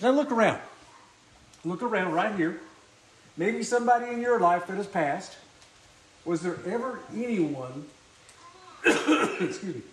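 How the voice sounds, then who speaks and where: A man preaching a sermon in church who keeps clearing his throat, coughs, and asks the congregation questions. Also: high-pitched.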